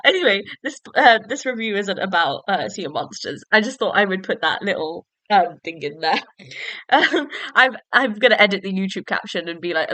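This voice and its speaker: A woman's voice: mid-range voice, animated, normal speed, sharp tone, no echo. A young woman hosting a solo book-review podcast, chatting in a rambling, self-deprecating way with giggly asides. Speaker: podcast host.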